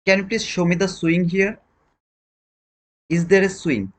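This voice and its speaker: A man's voice: sits high, steady tone, a little slow. A man teaching a trading lesson on a live stream, questioning viewers and repeating his points in non-native English phrasing.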